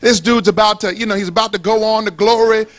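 In a quick-paced sermon, a strikingly high-voiced pastor works his congregation with animated, playful energy. He draws them into call-and-response and climbs to a shout when he hits key lines.

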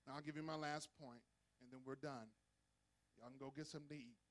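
A man preaching a sermon as pastor, leading the congregation in call-and-response and swelling to shouts. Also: medium pitch, fairly even intonation, fast talker, a little hiss or hum.

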